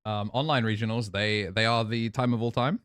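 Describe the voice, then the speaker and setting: A man's voice: lowish voice, fairly even intonation, brisk, a bit bright, clear, resonant tone, dry recording. A man hosting a casual podcast chat, talking through game strategy in an analytical, laid-back way. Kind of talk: casual podcast chat about card games.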